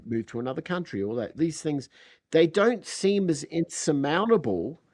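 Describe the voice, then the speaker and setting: A man's voice: medium pitch, dry recording. Australian man telling stories, dry close sound. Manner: storytelling, animated, acts out quoted dialogue. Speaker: podcast guest, recording engineer. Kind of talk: casual chat.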